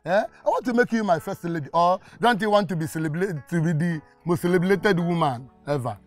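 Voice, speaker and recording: Casting: Nigerian man as a schmoozing local politician, high voice, gushing thanks. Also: fairly quick, faint music behind, close to an everyday voice. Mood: coaxing. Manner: coaxing, effusive thanks. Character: smooth-talking male party politician. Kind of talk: film acting.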